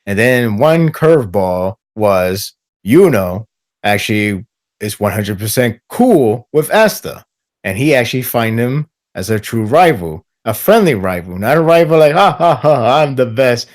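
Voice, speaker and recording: Animated man laughing on a podcast. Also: fairly low pitch, unhurried. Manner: animated, playfully mimics voices, laughs often. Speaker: podcast guest. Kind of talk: casual podcast discussion.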